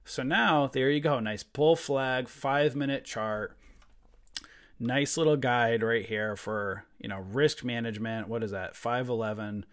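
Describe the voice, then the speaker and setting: A man in the middle of his pitch range teaches a live trading session over a screen share, speaking from a desk mic. He is blunt and fired up, ranting with emphasis and dropping mild swears in a casual way. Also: fairly even intonation, measured pace, fairly bright tone. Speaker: trading room host.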